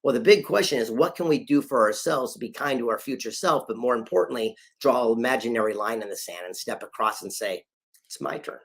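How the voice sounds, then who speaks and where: A man's voice: medium pitch, fast, hardly any pauses. A man giving a motivational talk over a call, telling anecdotes and acting out the people in them with emphatic delivery. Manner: storytelling, acts out quoted voices, emphatic. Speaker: motivational speaker.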